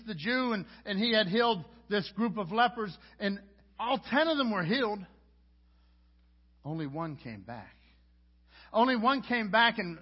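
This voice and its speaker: A pastor with a high voice preaches in a loose, conversational way, often tripping over words and starting phrases again. The audio is dull and lo-fi, with the top end muffled. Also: male voice. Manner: conversational preaching with frequent stammered restarts. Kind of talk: sermon.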